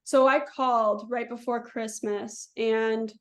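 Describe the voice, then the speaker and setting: A woman's voice: fairly high pitch, steady tone, slow. A young woman, an interview guest, telling her story earnestly and peppering her speech with "like". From Southern Ontario, Canada. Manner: earnest, heavy use of "like".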